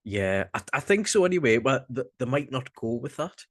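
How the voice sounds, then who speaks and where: A young man with a Northern English accent, co-hosting a casual chat, rambling and halting and swearing casually. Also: medium pitch, very animated, dry recording. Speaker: podcast co-host.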